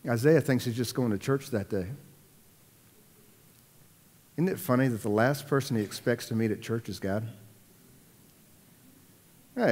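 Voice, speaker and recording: A man preaching a sermon, repeating words for emphasis and swinging between loud, raised lines and hushed ones. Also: mid-range voice, big-room sound. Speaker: pastor.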